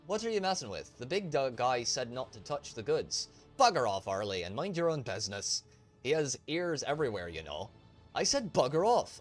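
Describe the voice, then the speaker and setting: A man voicing a rough crew of bickering male smugglers who end up shouting in panic, full of rough slang. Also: mid-range voice, voice pushed up, natural voice.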